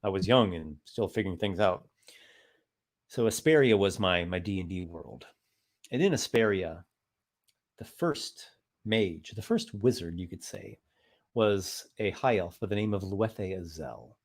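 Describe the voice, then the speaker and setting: A man's voice: low-pitched, animated, unhurried. A man hosting his monthly live stream, reading out viewer comments and chatting casually with many fillers. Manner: rambling, thoughtful, many fillers.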